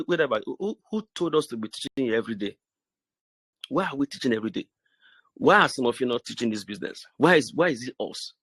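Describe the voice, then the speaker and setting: A man's voice: on the high side, a bit bright, breathy edge, no room sound. A middle-aged man with a Nigerian accent, giving a preachy motivational talk to his business group with many restarts and repeated phrases. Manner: preachy and repetitive, stammers and restarts.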